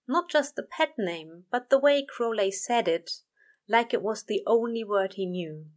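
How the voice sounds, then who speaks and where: A woman narrating a story aloud in a steady, measured way. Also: mid-range voice. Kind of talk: reading fan fiction aloud.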